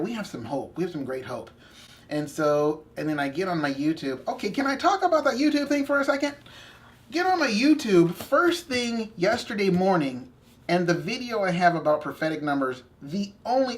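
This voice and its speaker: With a high voice, this young co-host of a faith video channel relates a story during relaxed chat, throwing in animated asides and correcting himself along the way.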